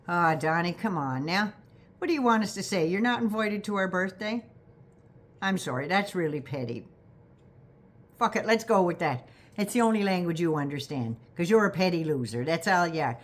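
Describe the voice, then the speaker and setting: An older Canadian woman with a Canadian accent giving a sarcastic, profane political rant straight to her viewers, scolding and rising into loud indignant bursts. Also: a little high, big pitch swings, normal speed. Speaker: vlogger. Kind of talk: direct-address political rant.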